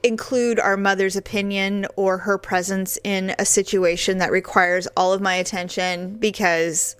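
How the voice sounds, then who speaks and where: A middle-aged woman co-hosting a podcast, chatting casually and acting out quoted voices in an animated way. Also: medium pitch, normal speed, clean tone, no echo. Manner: animated storyteller, acts out quoted voices with big jumps. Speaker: podcast co-host. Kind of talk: casual chat.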